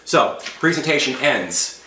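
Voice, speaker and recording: A man's voice: medium pitch, expressive, unhurried, bright, forceful tone, distant mic, slight background noise. A man giving an instructional sales training talk, emphatic and confident in a coaching tone. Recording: echoey room, voice set back from the mic.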